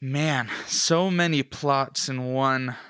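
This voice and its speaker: Playful guy in a mystery game, dry close sound, bright voice. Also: mid-range voice, slow, clean tone, no echo. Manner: playful, stammering. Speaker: player. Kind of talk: playing a tabletop mystery game.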